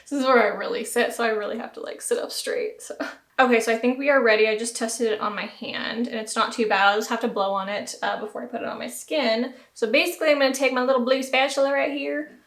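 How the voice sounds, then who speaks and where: A woman's voice: fairly high pitch, fast talker, a bit bright. Young Southern woman vlogger, self-deprecating casual chat, recorded in a roomy echoing room. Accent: American Southern. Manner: chatty, self-deprecating, giggly. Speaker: beauty vlogger. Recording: roomy echo.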